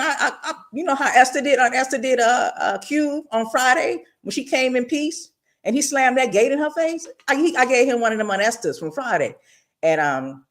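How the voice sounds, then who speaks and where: Her pitch fairly high and her speed normal, a middle-aged woman hosts a radio talk show. She tells stories with casual expressiveness, sprinkling in frequent asides to listeners.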